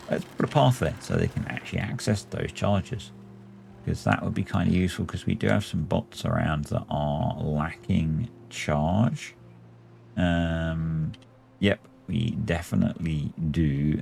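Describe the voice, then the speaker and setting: A man's voice: sits low, gravelly, warm tone. A man hosting a game playthrough, musing aloud and talking himself through each choice as he plays. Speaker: let's play host. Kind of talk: thinking aloud while playing a city-building game.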